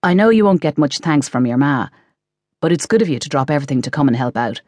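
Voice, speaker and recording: A woman's voice: low-pitched, lively intonation, quick pace, darkish tone, dry recording, studio quality. A woman voicing a teasing chef, a grown man who jokes his way through the talk. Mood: earnest. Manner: wry, joking banter.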